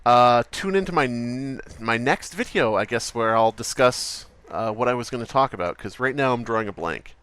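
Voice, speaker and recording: A man's voice: mid-range voice, lively intonation, moderate pace, few pauses, fairly bright tone, clear, resonant tone, natural voice. A man playing a self-pitying male YouTuber in a comedy skit, rambling and repeating his complaints over and over. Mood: whiny. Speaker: podcast host.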